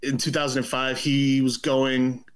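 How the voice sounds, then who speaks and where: A man's voice: mid-range voice, flat delivery, normal speed, smooth. A man, a podcast guest who runs a tape label, telling a story in loose, rambling casual chat full of fillers.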